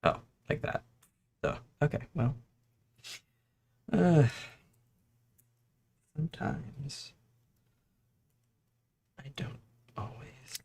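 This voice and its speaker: Male streamer, gravelly and soft-spoken, chewing gum, giggly casual chat while building. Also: on the high side, lively intonation, drawn-out words, pauses often. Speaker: host.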